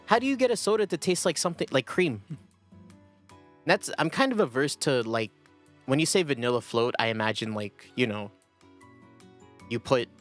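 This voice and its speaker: A man's voice: mid-range voice, a bit bright. A young man chatting casually on a livestream, rambling and self-deprecating, often breaking into laughter. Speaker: streamer.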